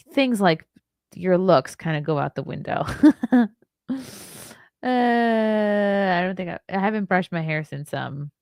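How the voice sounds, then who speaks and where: A woman in her thirties hosts a casual livestream in a low, gravelly voice, reading headlines and chat messages aloud. She adds wry, chatty asides as she goes. She sounds tired, and the close recording is dry. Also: no echo. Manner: chatty and wry, laughs and ad-libs between reading. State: tired, yawning. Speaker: livestream host. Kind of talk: casual livestream commentary, reading news and chats.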